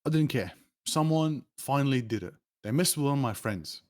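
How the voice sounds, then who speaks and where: Animated man telling stories. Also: normal speed. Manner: animated, rambling, with sudden pitch jumps. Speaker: interview guest, streamer. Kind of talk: casual storytelling.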